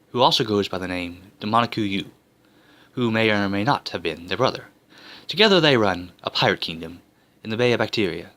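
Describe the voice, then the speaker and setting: A man narrating history in a jokey, breezy way, tossing in quick voiced asides. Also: lowish voice, bright, forceful tone.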